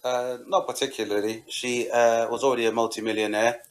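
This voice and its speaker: A man on a comedy panel rattles through a deadpan list at a quick clip, his voice at a middle pitch. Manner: dry, listing punchlines.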